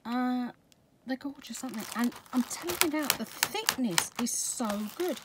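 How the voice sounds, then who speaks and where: A middle-aged Scottish woman chatting through an unboxing of craft supplies, gushing with excitement and dropping to soft whispers over favourite pieces. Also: sits high, moderate pace. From Scotland. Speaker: craft vlogger. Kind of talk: product unboxing chat. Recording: background noise with crinkling packaging.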